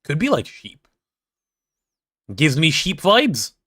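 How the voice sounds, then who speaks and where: A young man with a posh London accent chats on a live stream, his voice bright and ringing. His pitch climbs and swoops as he reads chat aloud and plays up mock outrage. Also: takes it slowly, breathy edge. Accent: London English. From England. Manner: chatty and animated, reads chat aloud, playful mock drama.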